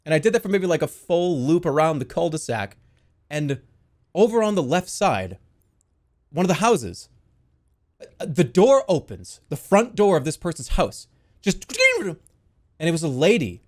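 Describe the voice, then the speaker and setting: A young man telling a wild story to his stream in a casual, animated way, swearing freely. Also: fairly high pitch, moderate pace. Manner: animated, swears a lot, yells in the quoted bits.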